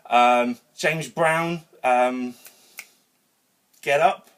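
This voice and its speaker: A man talking straight to camera in his garage gym, still worked up from a workout. His voice sits at an ordinary middle pitch. He rambles energetically through a motivational talk, swearing casually as he goes. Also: drawn-out words, fairly bright tone, clear, resonant tone. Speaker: vlogger.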